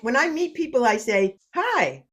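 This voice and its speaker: A grandmother, guest on a podcast, chats casually at home in a medium-pitched voice at a moderate pace. Lively and given to boasting, she tells funny stories and laughs frequently.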